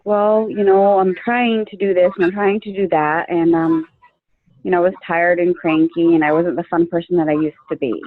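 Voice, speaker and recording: A woman telling her own story in a casual interview, earnest and full of fillers. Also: fairly low pitch. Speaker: guest sharing her coaching story. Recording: tinny, phone-like, dry line.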